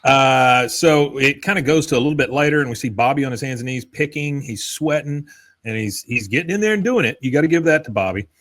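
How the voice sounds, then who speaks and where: A man's voice: medium pitch, a little fast, a bit bright. A man co-hosting a casual podcast, recapping scenes and reading out quoted lines with chuckles. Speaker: podcast co-host. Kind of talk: casual episode recap chat.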